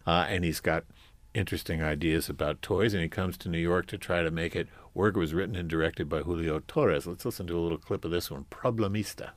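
A man hosting a radio film review show, who introduces the clips and keeps a relaxed, wry tone. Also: low-pitched, fairly quick, no room sound. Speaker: host.

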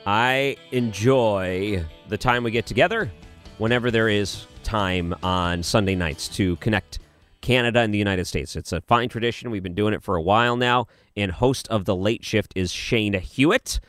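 A man's voice: lowish voice, moderate pace, fairly bright tone, faint music behind. A man hosting a late-night call-in radio show, easygoing and agreeable, often chuckling. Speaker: radio talk show host. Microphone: studio microphone.

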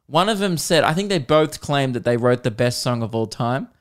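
A man's voice: mid-range voice, expressive, moderate pace. A man in his thirties with an Australian accent, hosting a comedy podcast and telling an exasperated story with lots of laughing and swearing. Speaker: podcast host.

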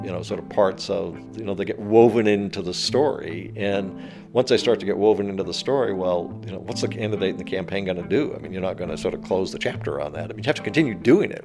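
Low-voiced man musing aloud. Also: expressive, fast, over music. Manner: thinking aloud with hedging fillers. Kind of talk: interview commentary.

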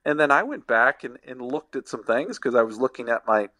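A middle-aged man who played ball before becoming a sports agent answers podcast questions in a mid-range voice that is animated, pushed, and bright. His replies are reflective and halting, with many restarts.

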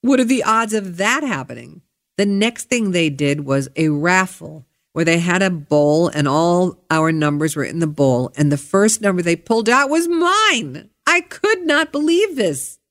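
Lively woman telling a travel story. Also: on the low side, measured pace. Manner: chatty and candid, voice swinging up with excitement. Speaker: podcast host. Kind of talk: casual storytelling monologue.

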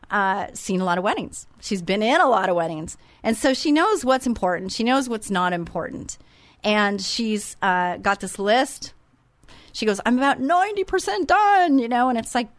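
A woman's voice: medium pitch, no room sound. A middle-aged woman hosting a faith-based radio talk show, speaking in a heartfelt, sentimental way. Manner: heartfelt, sentimental, openly emotional.

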